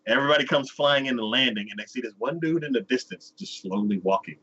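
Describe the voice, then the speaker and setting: Mid-range, bright and husky, this man's voice is forceful and fast, with the highs cut off in the recording. As an anime review podcast host, he casually recaps an episode, telling it in a loose, wandering way and voicing the characters.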